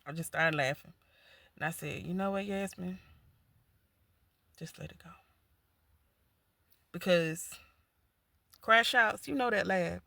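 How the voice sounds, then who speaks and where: A man's voice: high voice, vocal fry, bright, forceful tone, dry recording. A man chatting casually in an easygoing way, shrugging off annoyances. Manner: easygoing, laughing off annoyances, self-reflective. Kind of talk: casual chat.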